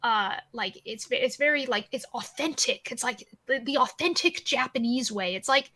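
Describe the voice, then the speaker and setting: Bright-voiced chatty woman. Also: a little high, normal speed. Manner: animated, rambling, swears freely. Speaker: podcast guest. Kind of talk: casual chat.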